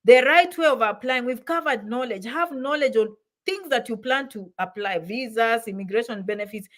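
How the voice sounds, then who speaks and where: A woman in middle age with a somewhat high voice hosts a live stream on immigration advice. She speaks emphatically to her viewers, circling back over her points and repeating phrases, and often stops to greet them warmly. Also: moderate pace. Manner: emphatic and repetitive, with affectionate asides to viewers. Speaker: immigration advice channel host.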